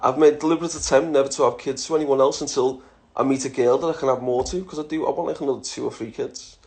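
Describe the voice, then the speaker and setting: An Englishman in his thirties, a social media personality, fields follower questions in a casual chat, talking fast in a steady, darkish mid-range voice. He's blunt, swears, and keeps calling people lad.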